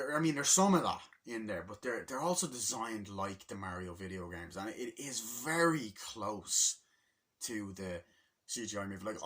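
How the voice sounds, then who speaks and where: A young man giving a rambling, excitable spoken movie review, acting out scenes from the film. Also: breathy edge. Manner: rambling, excitable, acts out scenes in high voices.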